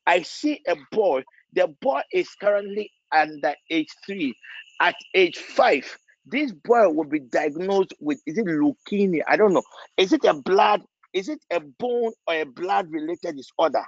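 A man leading a prophetic prayer session as pastor, pleading fervently and repeating phrases, rising to near shouts. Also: high-pitched, expressive, a little slow, no room sound, lo-fi sound.

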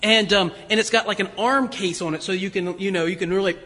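A man's voice: sits high, fairly even intonation, fast, sharp tone. A man preaching a storytelling sermon in a church, chatty and hesitant, full of fillers and restarts. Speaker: pastor. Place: church sanctuary. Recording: long reverb of a church hall.

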